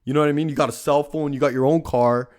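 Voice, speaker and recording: A man's voice: on the high side, steady tone, fast, darkish tone. A young man hosting a casual podcast monologue, ranting with lots of swearing and "like" fillers. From Canada. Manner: profane ranting, heavy use of "like". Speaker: podcast host.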